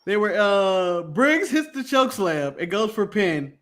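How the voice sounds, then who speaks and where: A man co-hosting a casual wrestling recap podcast, laughing and swearing through animated rants. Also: high voice, a little slow. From United States. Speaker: podcast co-host.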